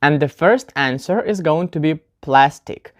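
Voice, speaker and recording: A woman's voice: low-pitched, a little slow, lo-fi sound. A woman giving a casual online English pronunciation lesson, chatty and talking straight to viewers, demonstrating word stress aloud. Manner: chatty, often addresses viewers as "guys".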